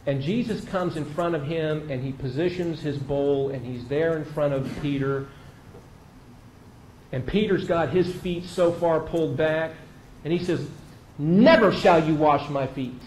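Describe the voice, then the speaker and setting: Male pastor, conversational sermon delivery, a touch high-pitched, roomy echo. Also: steady tone, unhurried, darkish tone. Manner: conversational, vivid storytelling with emphatic repeats. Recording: echoey room with faint noise.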